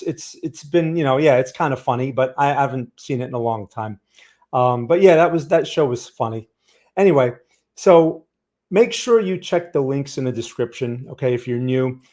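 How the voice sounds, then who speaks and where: Chatty New York trading streamer. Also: male voice, medium pitch, darkish tone. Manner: chatty, greets viewers by name. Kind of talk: casual livestream market talk.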